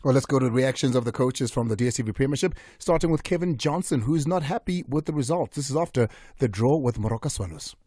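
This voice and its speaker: A man's voice: medium pitch, lively intonation, fast, few pauses, mellow, slightly rough, dry recording, studio quality. A man hosting a radio sports show, reading results and chatting with plenty of fillers. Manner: chatty, with frequent fillers and restarts. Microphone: studio microphone.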